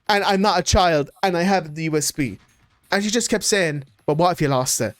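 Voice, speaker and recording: A young Irish man in his twenties telling animated stories in casual chat as a streamer, laughing often. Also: high-pitched, a little fast, dry recording.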